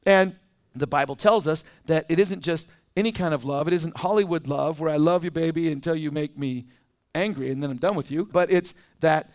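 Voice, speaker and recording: A man preaching a sermon as teaching pastor in a conversational, animated way with quick asides. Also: fairly high pitch. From United States.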